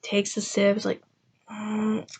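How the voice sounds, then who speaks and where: A woman telling an old folk tale off the cuff, chatty and meandering. She keeps breaking into quick high voices for the people in the story, then drops back to her easy, mid-pitched speaking voice. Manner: chatty and rambling, acting out quotes with pitch jumps. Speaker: vlogger. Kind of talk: casual storytelling.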